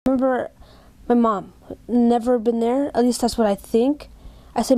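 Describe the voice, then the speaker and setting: A woman's voice: on the high side, fairly even intonation, moderate pace, mellow, no echo. A young woman in a documentary interview, telling a personal story and acting out quoted exchanges. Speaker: brain injury survivor interviewee.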